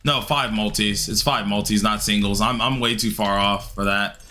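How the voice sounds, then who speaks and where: A man streaming a game live, chatting casually with viewers and grumbling loudly at the game in an excitable way. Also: fairly low pitch, normal speed, slight background noise. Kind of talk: live-stream gameplay commentary answering chat.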